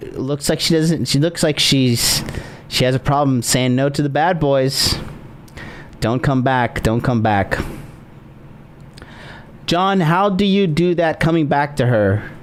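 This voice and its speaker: A man hosting reaction commentary, crude and excitable, stammering through his points. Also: medium pitch, slight background noise. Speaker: host.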